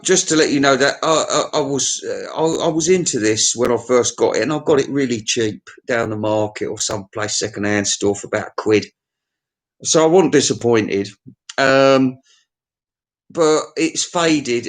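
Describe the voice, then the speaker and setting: A man giving a rambling, blunt, sweary music review, often stammering and restarting. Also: medium pitch. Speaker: album reviewer. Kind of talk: rambling casual review monologue.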